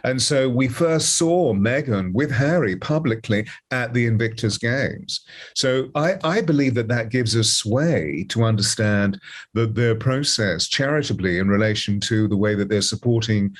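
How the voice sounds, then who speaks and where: A man's voice: mid-range voice, unhurried. A man commenting as a guest co-host, talking in an expansive, meandering way full of fillers. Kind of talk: casual commentary.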